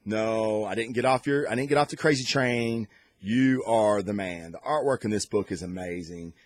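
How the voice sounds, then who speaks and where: A man's voice: lowish voice, normal speed, dry recording. A man hosting a podcast, giving an enthusiastic, rambling review of comic books with lots of restarts and fillers. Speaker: podcast host. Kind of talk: casual comic book review.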